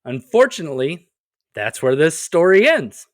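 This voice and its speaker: A man's voice: on the high side, very animated, moderate pace, no echo, studio quality. A man co-hosting a comedy podcast, telling stories casually with wry joking asides. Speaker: podcast co-host.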